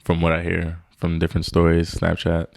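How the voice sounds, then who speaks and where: A man's voice: deep voice, monotone, a little fast, vocal fry, darkish tone, dry recording, studio quality. A man co-hosting a casual podcast chat, blunt and matter-of-fact. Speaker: podcast co-host.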